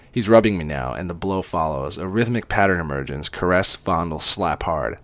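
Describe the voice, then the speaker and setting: A man's voice: low voice, expressive, moderate pace, few pauses, a bit bright. A man reading a romance story aloud as dramatic first-person narration. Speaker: reader.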